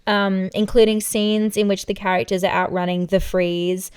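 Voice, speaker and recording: A woman's voice: medium pitch, little pitch movement, moderate pace, clear, resonant tone. A woman co-hosting a podcast in casual chat, wry and sarcastic, musing through tangents with fillers. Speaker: podcast co-host.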